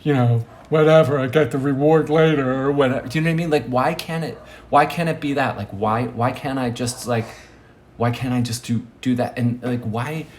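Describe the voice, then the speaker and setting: A man's voice: mid-range voice, fairly even intonation, brisk, slight background noise. A man giving a rambling casual monologue, hesitant with many fillers, often dropping to a near-whisper. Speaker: vlogger.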